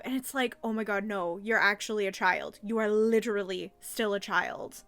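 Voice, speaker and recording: A woman's voice: medium pitch, normal speed, hardly any pauses, clear, resonant tone. A young adult woman hosting a casual review of a childhood cartoon, chatty and gushing, full of filler words. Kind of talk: casual commentary.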